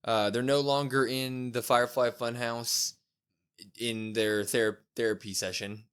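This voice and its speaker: A man co-hosts a wrestling recap podcast at a mid pitch. He talks casually and acts out the backstage lines in animated voices. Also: unhurried, clear, resonant tone. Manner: retells scenes acting out quoted lines in lively voices. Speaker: podcast co-host.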